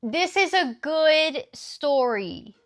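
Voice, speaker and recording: A woman's voice: high voice, lively intonation, drawn-out words. A woman in her thirties streaming live, chatting casually and teasing her chat, swearing freely.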